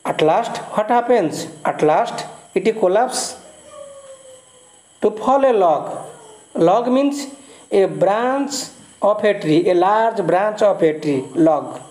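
A man's voice: high-pitched, lively intonation, slow pace, pauses often, darkish tone. A male teacher with an Indian English accent, reading a poem aloud and explaining it line by line, repeating key words and glossing their meanings. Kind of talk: explaining a poem in a recorded lesson. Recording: echoey room.

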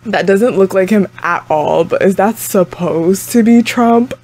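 A woman's voice: mid-range voice, a little slow, darkish tone. A young woman hosting a reaction video, chatting casually to the screen with frequent exclamations and laughs. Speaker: anime reaction channel host.

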